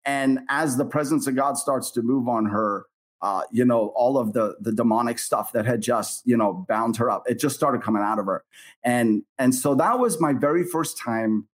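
A middle-aged man, a minister as interview guest, telling his story in an earnest, animated way and acting out the voices of people in it. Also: medium pitch, normal speed.

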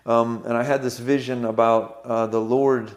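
A man's voice: mid-range voice, little pitch movement, normal speed. A man preaching, telling a story with frequent fillers and restarts. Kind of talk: sermon testimony.

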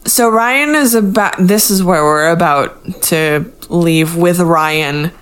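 A woman's voice: on the low side, slow pace, crowd noise. A woman co-hosting a podcast, recapping a TV episode in a dry, matter-of-fact casual chat. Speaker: podcast co-host.

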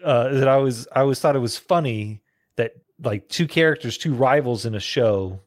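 A man co-hosting a podcast in casual chat, sharing trivia in halting bursts. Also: medium pitch, dry recording, studio quality. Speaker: podcast co-host.

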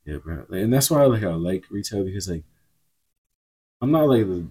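A man's voice: deep voice, lively intonation, normal speed, warm tone, husky. A young man co-hosting a podcast, chatting casually and telling rambling, laid-back stories. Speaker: podcast co-host. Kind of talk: casual chat.

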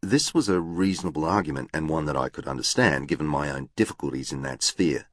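A man's voice: rumbling low, a little fast, no room sound, clean studio sound. A man narrating an audiobook in a formal, literal, precise manner. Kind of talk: scripted narration.

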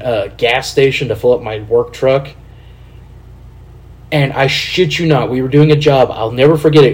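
A man from Kansas City hosts a casual podcast chat at a medium pitch. He tells his stories with lots of cursing and animated energy. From Kansas City, USA. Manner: profane, animated storyteller. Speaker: podcast host.

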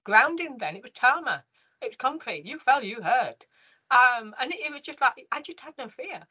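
A woman from the United Kingdom, an interview guest telling her life story in a lively way, with many restarts and fillers. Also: high-pitched, moderate pace, husky, lo-fi sound.

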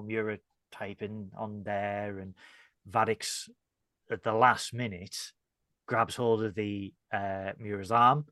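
A man's voice: fairly low pitch, sharp tone, dry recording. A man co-hosting a casual chat show, recapping events in a hesitant way with many fillers. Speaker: podcast co-host.

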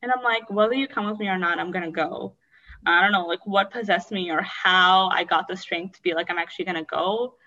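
A woman's voice: fairly low pitch, fairly quick, bright, forceful tone, recorded from a distance, dull audio. A woman candidly recounting a painful personal story in a rambling, emotional way. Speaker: guest sharing her story.

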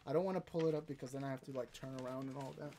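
A man hosting a live stream, chatting casually and rambling while reading chat and browsing, now and then bursting into excitement. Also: mid-range voice, rapid-fire, a little hiss or hum. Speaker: podcast host streaming live.

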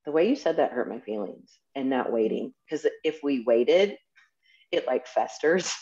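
A woman's voice: very deep voice, lively intonation, moderate pace, dark tone, a little hiss or hum. A woman in her forties talking candidly and frankly in a casual conversation. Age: 40s. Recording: dull lo-fi sound.

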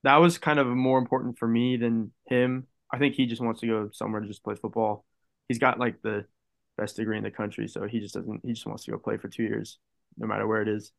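A young man, a college football player, talking casually in a podcast interview, telling stories in a relaxed way and saying "like" often. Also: fairly low pitch, brisk, vocal fry. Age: young adult. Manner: relaxed storytelling, heavy use of "like".

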